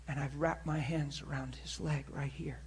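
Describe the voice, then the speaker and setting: A man's voice: on the high side, steady tone, normal speed, husky. A man preaching a sermon, telling a personal story in an earnest, storytelling manner. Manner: earnest, storytelling, with many repeated words.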